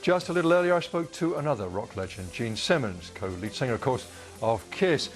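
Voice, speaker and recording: A man presenting the news and interviewing a guest in a measured, conversational way. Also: mid-range voice, very animated, soft background music.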